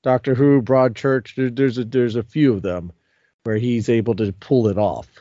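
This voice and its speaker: A man co-hosting a casual podcast review, speaking in a measured, hesitant way with fillers. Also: medium pitch, fairly even intonation, mellow, no echo, muffled recording. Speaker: podcast co-host.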